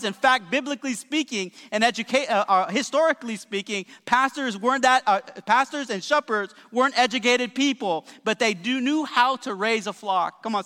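High-voiced, fiery man preaching. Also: sharp tone. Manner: emphatic preaching with frequent "all right?" and call-and-response. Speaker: pastor. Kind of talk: sermon. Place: large church hall. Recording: reverberant church hall.

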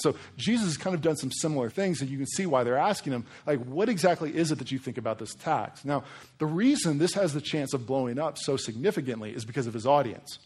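A man preaching in a loose, talky way, full of asides and quick rhetorical questions to the room. His voice sits in an ordinary middle range, neither deep nor high. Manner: casual, animated preaching with frequent asides. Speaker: pastor. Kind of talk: sermon.

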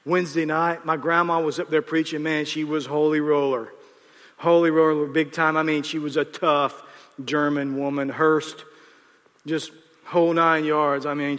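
A man in his fifties, a pastor preaching a storytelling sermon in an animated way, often acting out the people he quotes. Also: a little high. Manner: animated, acts out quotes, restarts. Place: large church auditorium. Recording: reverberant hall.

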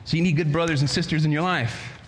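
A man's voice: a little high, fairly even intonation, fast, big-room sound, a little hiss or hum. A man preaching a sermon to his church as pastor, swelling in volume and stretching his phrases.

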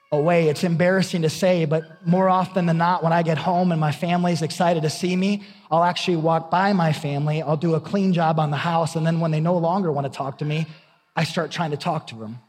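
A middle-aged male pastor preaches in a high, husky voice. He talks candidly and conversationally, restarting and repeating words as he goes. His voice rings with the long reverb of a large hall. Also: fairly even intonation, fairly quick, darkish tone. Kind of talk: sermon.

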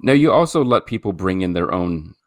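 A man's voice: deep voice, sing-song, a little fast, no room sound. A man co-hosting a podcast interview, asking questions with dry jokes. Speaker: podcast co-host. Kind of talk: casual chat.

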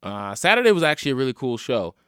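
A man's voice: mid-range voice, fast talker, clean tone, dry recording, studio quality. A man hosting a casual solo podcast, telling wry, swear-laden stories and acting out the voices of people he met. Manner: animated storytelling, acts out quoted voices. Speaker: podcast host; stand-up comedian.

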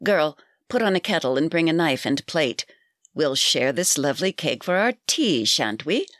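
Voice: mid-range voice, big pitch swings, normal speed, fairly bright tone, dry recording, studio quality. A storyteller voicing a scheming, harsh old crone who hisses and wheedles in a storybook reading. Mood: sly. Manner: hissing, wheedling.

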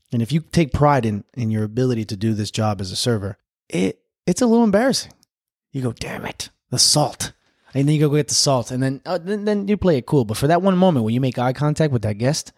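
Recorded at studio quality with no echo, this man co-hosts a laid-back podcast. His mid-range voice carries lively tales from his server job, and he breaks into laughter frequently.

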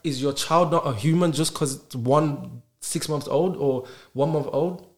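A man, a podcast guest talking in animated casual conversation and stacking rhetorical questions. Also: on the high side, measured pace, creaky. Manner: emphatic, rhetorical questions, acts out dialogues.

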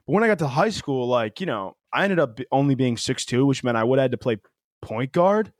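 Young dude rambling funny stories, swears a lot, mid pitch, dead dry sound. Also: male voice, brisk, no echo. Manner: animated storyteller, joking, swears freely. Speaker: podcast co-host. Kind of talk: casual chat.

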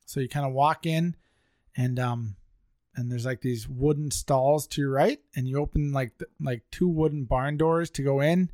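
At normal speed and medium pitch, a man co-hosting a podcast tells a funny story in casual chat with friends. He's animated and laughs as he goes, in a studio-quality recording without echo.

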